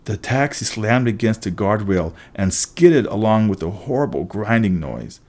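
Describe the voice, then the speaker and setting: A man narrating a storybook in a lively, emphatic first-person telling. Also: on the low side, moderate pace, few pauses. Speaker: audiobook narrator.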